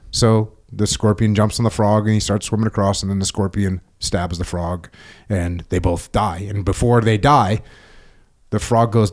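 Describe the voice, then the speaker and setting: A middle-aged man with a very low voice hosts a podcast conversation. He talks in a reflective, casual manner, often laughing at his own points. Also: fairly even intonation, normal speed, darkish tone. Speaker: podcast host, former military.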